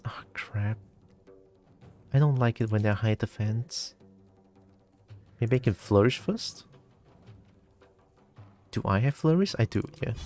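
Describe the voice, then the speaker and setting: A man's voice: medium pitch, a little mellow. A man casually commenting while playing a video game, chatty and laughing often. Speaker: gaming streamer.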